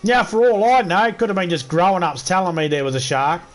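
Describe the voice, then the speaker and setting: A man's voice: sits high, fairly quick. A man with an Australian accent hosting a gaming livestream, telling stories in a crude, swearing, joking way. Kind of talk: casual storytelling chat.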